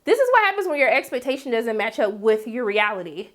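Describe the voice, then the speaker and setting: Woman recap host, high voice, sassy and blunt, big jumps up for asides. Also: very animated, quick pace. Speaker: TV episode recap vlogger. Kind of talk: casual recap commentary.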